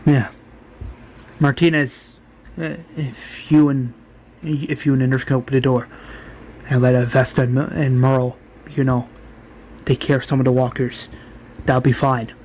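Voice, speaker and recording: A man's voice: medium pitch, flat delivery, a little mellow, lo-fi sound, a little hiss or hum, pitched below the performer's own voice, close to an everyday voice. A man voicing a hesitant male helper who stumbles through his words. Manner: hesitant, halting.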